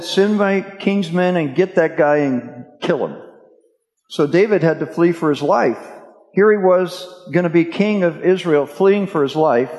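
A man's voice: sits high, a little mellow. A male preacher telling a scripture story in a casual, chatty storytelling way during a sermon. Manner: casual storytelling, addresses listeners as guys. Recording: echoey hall reverb.

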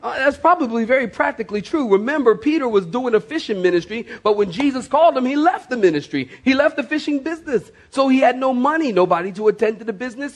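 A middle-aged man preaching a sermon as pastor, swinging from loud to hushed and repeating phrases for emphasis. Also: extremely high pitch.

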